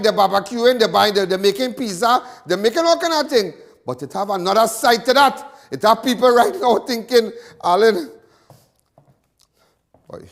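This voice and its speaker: Fiery high-voiced Trinidadian man. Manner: fiery, repetitive, stammering restarts. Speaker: host of a live crime talk show. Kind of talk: impassioned live monologue.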